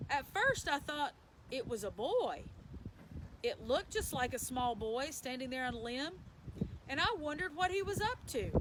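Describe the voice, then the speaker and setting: A woman's voice: high voice, noisy background. A woman reading a children's novel aloud as a bedtime story, in a plain storytelling manner with small slips and self-corrections. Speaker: story reader.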